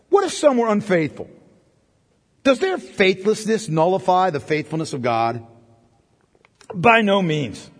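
Man preaching, emphatic, rhetorical questions, husky voice, big reverberant hall. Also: high voice. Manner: emphatic, rhetorical questions, rising to forceful peaks. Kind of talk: expository sermon.

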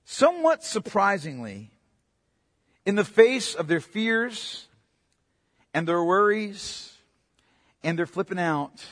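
A man preaching a sermon in an emphatic way, swinging from loud to quiet. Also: high voice, animated, unhurried, in a large hall. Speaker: pastor.

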